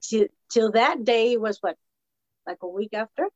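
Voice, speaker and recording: A woman's voice: on the high side, moderate pace, no room sound, lo-fi sound. A woman casually telling a podcast host how she met her husband, acting out every line of dialogue. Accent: Latina American English. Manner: animated, acts out quoted dialogue. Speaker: podcast guest. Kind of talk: casual storytelling chat.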